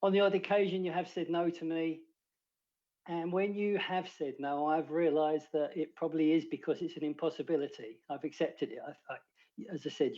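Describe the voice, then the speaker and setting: A councillor, a man, giving an earnest, measured farewell tribute in a meeting held over a video call. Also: a little high, warm tone. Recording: dull lo-fi video call audio.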